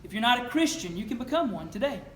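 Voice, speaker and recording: A man's voice: very high voice, sing-song, fast, a bit bright. A male preacher delivering a sermon in an earnest, questioning, storytelling manner. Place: church sanctuary. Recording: echoey church room, faint noise.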